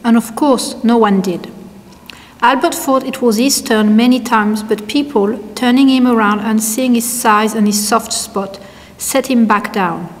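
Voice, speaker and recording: Brief: female storybook reader, slightly high voice, long echo around her. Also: a little slow. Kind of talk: storybook narration. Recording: long hall reverb.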